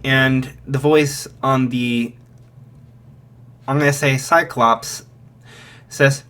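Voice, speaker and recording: Slow, hesitant male storyteller. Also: medium pitch, steady tone, a bit bright, clear, resonant tone. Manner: hesitant, many fillers and restarts. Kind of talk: casual improvised fan story narration.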